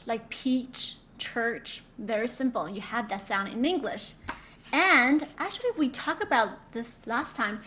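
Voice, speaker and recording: A woman's voice: on the high side, animated, a little slow, sharp tone, a little hiss or hum. A woman teaching Mandarin pronunciation in an online lesson, patiently demonstrating sounds and repeating words for students to copy. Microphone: own microphone.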